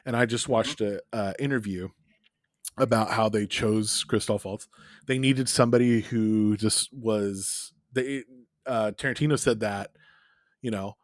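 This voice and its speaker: A man's voice: fairly low pitch, fairly even intonation, a little slow, no room sound. Man, podcast co-host, casual chat, enthusiastic, cursing, dry close sound. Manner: enthusiastic, swearing, gushing.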